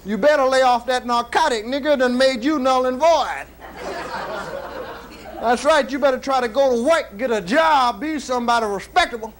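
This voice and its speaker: A gruff old wino, played by a man in a stand-up routine, rattling off scolding advice in a quick, lower voice. He lectures with a know-it-all bluster. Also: a little hiss or hum. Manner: lecturing, rapid-fire, scolding. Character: gruff older male wino lecturing a junkie. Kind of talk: stand-up character bit.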